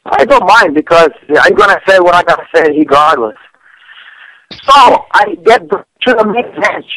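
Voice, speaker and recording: A man, chatting on a comedic radio show in broken English, with lots of stammered restarts and sudden jumps in pitch. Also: lively intonation, normal speed, pushed and bright, no room sound, rough recording. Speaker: fight picks guest. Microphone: studio radio mic.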